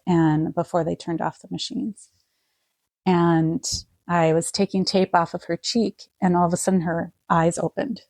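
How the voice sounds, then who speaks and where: A middle-aged woman, a podcast guest, quietly telling an emotional personal story with many pauses and fillers. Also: on the low side, level tone, dry recording, clean studio sound.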